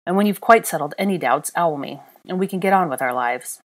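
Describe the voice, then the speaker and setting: A woman's voice: deep voice, lively intonation, a little fast. A woman reading fan fiction aloud in an unedited home recording, narrating and speaking the dialogue with small shifts for each character. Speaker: audiobook reader.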